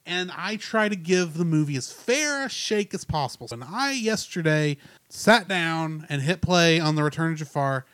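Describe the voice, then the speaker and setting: A man co-hosting a casual movie review podcast, ranting in an animated, opinionated way. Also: fairly high pitch, moderate pace, smooth, no echo. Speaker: podcast co-host.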